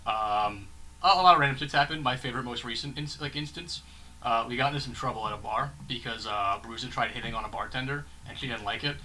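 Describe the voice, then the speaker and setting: Man, casual stream chat, rambling, profane, very bright voice, faint background noise. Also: mid-range voice, quick pace, poor audio. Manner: rambling, profane storytelling with many "like"s. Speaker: stream co-host.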